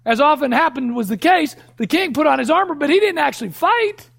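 A man preaching a sermon in an emphatic question-and-answer manner, dropping at times to a low hush. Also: lively intonation, a little fast, vocal fry.

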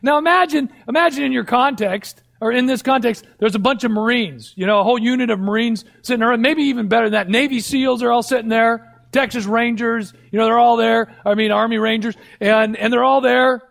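A man preaches a sermon briskly in a creaky voice, barely pausing. He asks and answers questions emphatically, sometimes sinking into a low hush.

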